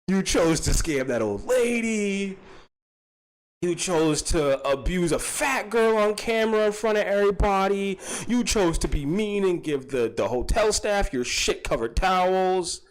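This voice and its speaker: A man hosting a reaction stream, ranting and mocking a clip's subject in profane commentary. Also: sits high. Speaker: host reacting to clips.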